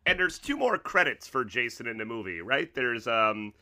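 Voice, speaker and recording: A man's voice: mid-range voice, big pitch swings, moderate pace, pushed and bright. A man on a podcast panel, eagerly chiming in about a horror film, often restarting his sentences. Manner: eager, stumbles into points. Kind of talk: casual film discussion.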